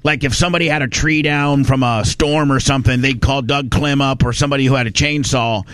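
A man's voice: mid-range voice, steady tone, a little fast, fairly bright tone, smooth, no echo, clean studio sound. A man from Indiana, telling a long rambling story in casual chat and acting out the voices of the people in it. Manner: rambling, folksy, acts out quoted voices. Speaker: podcast host telling a story.

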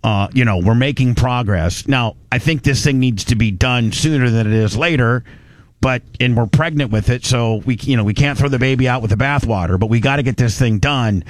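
A man's voice: medium pitch, brisk, no echo. A male talk radio host, rambling and mocking in casual commentary.

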